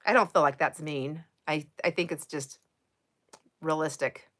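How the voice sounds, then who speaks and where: A woman's voice: low-pitched, fairly even intonation, a little slow, a bit bright. A middle-aged woman hosting a casual live stream, chatty and laughing often as she talks with her viewers. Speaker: livestream host.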